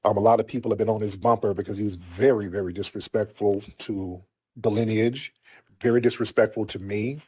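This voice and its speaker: A man's voice: lowish voice, steady tone, fairly quick, mellow, slightly rough. A man hosting a livestream, mocking and scolding a caller in a heated, repetitive way. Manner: mocking, repeats himself, talks down to a caller. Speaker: streamer host.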